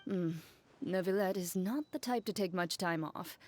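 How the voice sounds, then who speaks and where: A woman playing a composed, blunt young woman who speaks in a calm, matter-of-fact way. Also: lowish voice, normal speed, slight background noise, natural voice. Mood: dry. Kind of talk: game dialogue voice acting. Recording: game cutscene with faint music.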